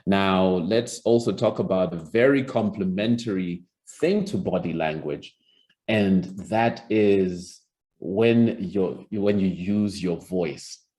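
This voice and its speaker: Low-voiced male speaking coach. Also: slow, warm tone. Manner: demonstrative, shifts tone and pace for effect. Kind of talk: recorded presentation lesson.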